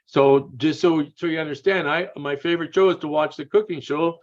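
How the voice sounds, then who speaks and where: A man's voice: a little high, fairly quick, dull audio. Blunt man telling crude stories. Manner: blunt, crude humor, tags lines with "man" and "eh". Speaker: interview guest. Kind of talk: casual storytelling.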